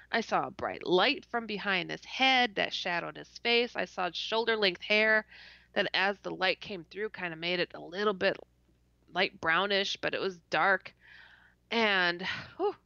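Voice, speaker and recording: A woman's voice: mid-range voice, gravelly, bright, forceful tone, no room sound. A woman guest telling a story animatedly. She laughs often, stutters and acts out her own reactions, heard through dull lo-fi call audio. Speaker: podcast guest. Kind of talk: casual storytelling in an interview.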